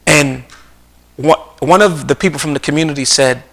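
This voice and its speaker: A man's voice: on the high side, moderate pace, creaky, a bit bright, poor audio. A middle-aged man giving an earnest talk on a live stream, telling stories and often restarting and repeating his phrases. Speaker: speaker on a community live stream. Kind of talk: conversational talk with storytelling. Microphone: streaming mic.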